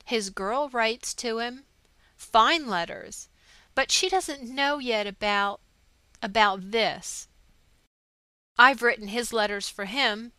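A woman reading the lines of a nerve specialist, grave and measured. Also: fairly high pitch, sharp tone, dry recording, poor audio.

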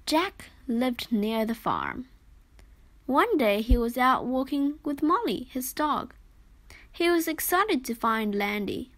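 High-voiced woman reading a kids' story. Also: big pitch swings, slow, a bit bright.

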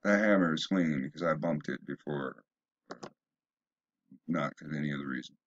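Man, rambling opinion monologue, husky voice, stumbling restarts, dull lo-fi sound. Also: a bass voice, moderate pace. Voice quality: stumbling restarts, emphatic rising bursts. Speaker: video blogger.

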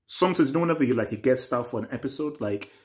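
A young man talks through a TV reaction in a loose, rambling way. He circles back over the same phrases and jumps from excited outbursts to quiet muttering. His voice sits at an ordinary middle pitch for a man. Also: very fast. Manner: rambling and repetitive, swinging between excited bursts and low mutters. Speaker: reaction channel host. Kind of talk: casual TV reaction talk.

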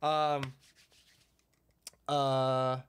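Guy on a podcast rambling about a movie, loose, says like a ton, mid-pitched voice. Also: level tone, drawn-out words, clear, resonant tone. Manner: loose and chatty, lots of "like" fillers. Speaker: podcast co-host. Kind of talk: casual chat.

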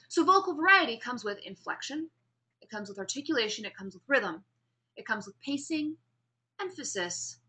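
A woman giving a classroom lecture on public speaking, explaining vocal variety and demonstrating pace and pauses as she talks. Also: on the high side, pushed and bright.

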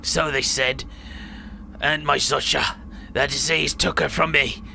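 A man's voice: on the high side, fairly even intonation, measured pace, vocal fry, pushed and bright, a little hiss or hum, exaggerated voice. A man voicing a bitter, rambling old man in a wheelchair who rants and swears crudely.

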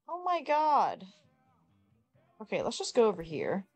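A woman's voice: a little high, wildly swooping pitch, a little slow, soft background music. A woman giving casual gameplay commentary, exasperated, swearing often and talking at her characters. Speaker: gamer.

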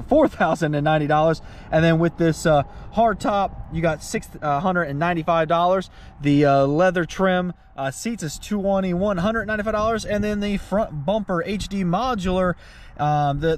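Upbeat high-voiced man reviewing a car. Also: a little hiss or hum. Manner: upbeat, folksy, chatty with fillers and little laughs. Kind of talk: casual walkaround car review.

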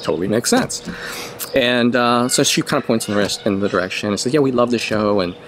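A man's voice: medium pitch, fairly quick, fairly bright tone, slight background noise. A middle-aged man telling a personal story in a casual, rambling way, often restarting and correcting himself. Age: 50s.

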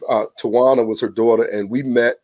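Southern-accented pastor, lively storyteller. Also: male voice, medium pitch, brisk, dry recording. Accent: Southern US, Virginia. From Virginia. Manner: animated, exclamatory, storytelling, frequent restarts. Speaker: pastor, podcast guest. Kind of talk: casual church podcast interview.

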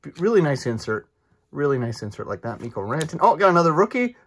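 A man chatting excitably as he opens trading card packs, rambling with fillers and quick asides. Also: fairly high pitch, breathy edge. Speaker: card collector vlogger. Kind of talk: casual card-opening commentary.

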